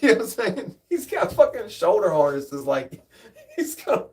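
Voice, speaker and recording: A man's voice: sits high, very animated, moderate pace, darkish tone. A man telling rambling, profane stories in casual chat, laughing often and drifting off on side tangents.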